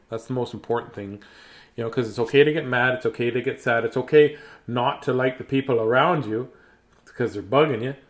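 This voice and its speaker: Playful man reading bedtime stories. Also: mid-range voice. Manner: playful, rambling, silly asides. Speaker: storybook reader and host. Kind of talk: casual bedtime story chat.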